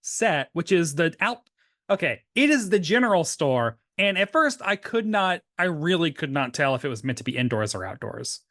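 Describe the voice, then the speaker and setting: A man's voice: on the high side, moderate pace, no echo, studio quality. A man from Tennessee co-hosting a podcast, chatting casually about an old sitcom episode and acting out its lines. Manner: animated, laughs often, acts out quotes. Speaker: podcast co-host. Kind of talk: casual chat recapping a TV episode.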